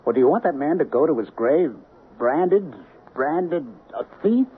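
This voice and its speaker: An actor playing a frightened, guilt-ridden husband in a 1970s radio drama. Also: male voice, on the high side, expressive, a little slow, slightly rough, exaggerated voice. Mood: anxious. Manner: anxious, pleading, mumbling in his sleep. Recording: narrow, phone-like old radio broadcast.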